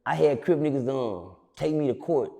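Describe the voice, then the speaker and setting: Man, interview guest, gravelly, high voice, long reverb. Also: expressive, normal speed. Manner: loud, shouting, acts out other people in his stories. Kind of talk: animated storytelling.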